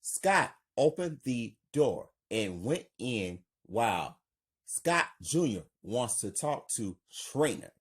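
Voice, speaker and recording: A man's voice: medium pitch, sing-song, slow, slightly rough. A man reading his own drama script aloud with stage directions, in a plain, unpolished way.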